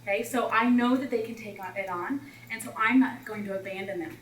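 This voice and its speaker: A woman math coach talking teachers through classroom routines in a chatty, animated way, acting out scenes with students. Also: medium pitch, a little fast, slight background noise. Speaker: math instructional coach leading a teacher workshop. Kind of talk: presenting to teachers. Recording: roomy echo, far from the mic, faint ambience.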